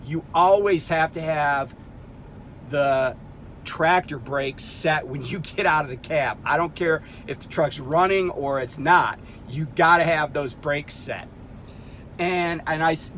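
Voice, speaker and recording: A blunt middle-aged man recounts a run-in at a truck stop in a casual, exasperated way, swearing freely. His voice sits a bit high for a man. A faint rumble of vehicles carries through the outdoor recording. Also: fairly bright tone. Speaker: truck driver vlogger. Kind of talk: casual storytelling rant.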